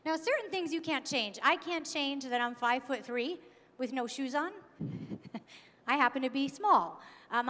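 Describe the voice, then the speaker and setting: High-voiced woman giving a keynote. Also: fairly bright tone. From New York. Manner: engaging, asks the audience questions. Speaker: keynote speaker. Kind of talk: conference keynote talk. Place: conference hall. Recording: long hall reverb.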